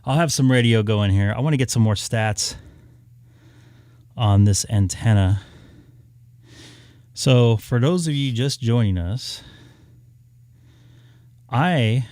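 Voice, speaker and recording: A man from southern California hosts a casual live stream, musing aloud as he searches for gear. His voice is mellow and dark, picked up dry with no room sound. He wanders between thoughts and fills pauses with ums. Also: mid-range voice, no room sound. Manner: rambling, thinking aloud with many fillers. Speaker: ham radio live streamer. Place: home room upstairs.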